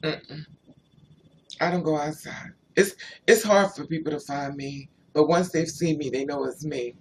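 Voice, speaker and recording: A man's voice: fairly high pitch, measured pace, a little hiss or hum. A man on a casual livestream who tells rambling personal stories and answers viewers' chat comments as he goes.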